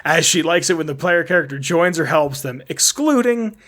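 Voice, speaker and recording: A man's voice: fairly high pitch, expressive, normal speed, a bit bright. Casual male podcaster reading lore notes. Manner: reads notes aloud, tripping and correcting words. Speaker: podcast host.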